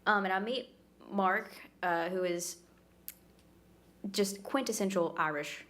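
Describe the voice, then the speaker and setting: A young adult woman, a guest musician, chatting and telling stories in a lively way, with plenty of fillers and restarts, at a live music venue. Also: mid-range voice, slow pace. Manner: animated, full of fillers and restarts. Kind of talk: casual chat and storytelling.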